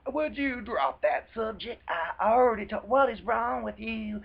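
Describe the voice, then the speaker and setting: Man mimicking a scornful country-twanged boyfriend, high, gravelly, snappish, on a dull lo-fi recording. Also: sing-song, fast talker, exaggerated voice. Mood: snapping. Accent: American country twang.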